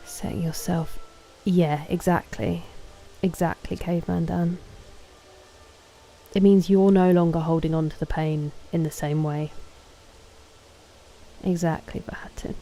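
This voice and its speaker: Low-voiced, mellow woman streamer. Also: steady tone, measured pace, long pauses, a little hiss or hum, poor audio. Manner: chatty, thanking and answering chat. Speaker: game streamer. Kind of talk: casual live-stream chat with viewers.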